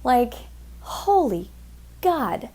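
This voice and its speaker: A woman's voice: fairly high pitch, very animated, extremely slow, dark tone. A woman hosting a podcast, telling a story in a blunt, heated, profane way and mimicking the people in it. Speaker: podcast host. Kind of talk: casual storytelling monologue.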